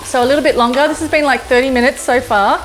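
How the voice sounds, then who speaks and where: An Australian chef hosts a casual cooking demonstration in her kitchen, chatty and gushing as she exclaims over the food. Her high, steady voice moves fast under heavy background noise of music and sizzling food.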